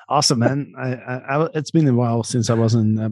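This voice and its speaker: A man hosting a podcast, reading a scripted intro and then chatting in an upbeat, energetic way with guests. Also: mid-range voice, normal speed, dry recording, studio quality. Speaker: podcast host. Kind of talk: casual interview, scripted intro.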